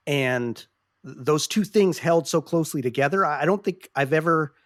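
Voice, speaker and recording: A man on a podcast speaks in a slightly raised pitch, earnest and passionate. He often restarts his phrases as he reaches for the right words. The sound is dry and close. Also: no room sound. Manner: earnest, passionate, frequent swearing; halting restarts when searching for words. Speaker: podcast host. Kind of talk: casual podcast discussion.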